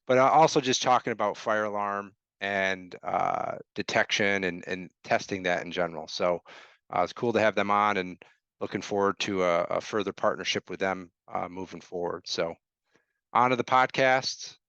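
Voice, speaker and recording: A man's voice: fairly low pitch, fairly bright tone, smooth, no echo. A man hosting a podcast, talking in a loose, casual way with many fillers. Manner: loose, hesitant, many fillers and restarts, laughs easily. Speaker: podcast host. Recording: dry, slightly dull sound.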